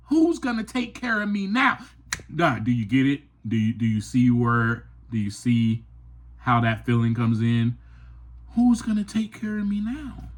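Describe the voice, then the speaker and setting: An adult man hosting a podcast slowly works through a personal story in a reflective monologue. Earnest, emphatic and open, he takes his time over each thought as his voice swoops from high, passionate peaks to low, quiet asides.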